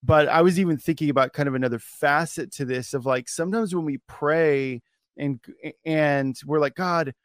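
A man hosting a podcast interview. He talks in a relaxed, rambling way with many fillers and restarts. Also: fairly high pitch, no room sound, studio quality. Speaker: podcast host. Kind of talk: casual interview conversation.

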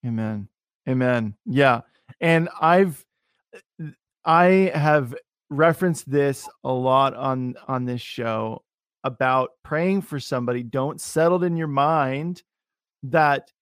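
A man's voice: a little high, slow pace, no room sound. Casual male host, dry close sound. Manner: relaxed, rambling, self-deprecating, many restarts. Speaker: podcast host. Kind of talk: casual interview chat.

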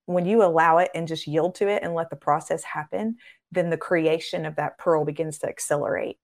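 A ministry founder appearing as a guest on a faith podcast speaks earnestly, like a preacher, in a low, steady voice at a brisk pace. She builds her points through repeated phrases and acts out quoted voices in a raised tone.

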